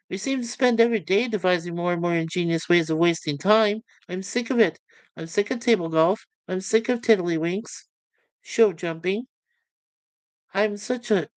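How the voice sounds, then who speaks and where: A woman's voice: mid-range voice, a little mellow, no room sound, lightly acted. A woman reading aloud the lines of a fed-up young man who rants about his dull life, with a plain voice and a raised, complaining delivery. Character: bored, fed-up young man, a sitcom space slob.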